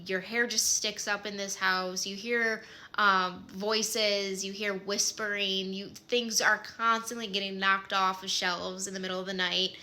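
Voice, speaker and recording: Sharp in tone and mid-range in pitch, this thirtysomething woman speaks with a Midwestern American accent. She casually shares a personal story, chatty and leaning heavily on fillers like "like" and "um."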